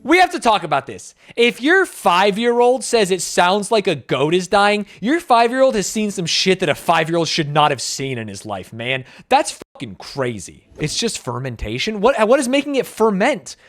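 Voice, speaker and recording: A man's voice: high-pitched, big pitch swings, normal speed, few pauses, a bit bright. An American man reacting to video clips on a stream, joking, swearing and ranting in exaggerated bursts. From United States. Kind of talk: casual reaction commentary.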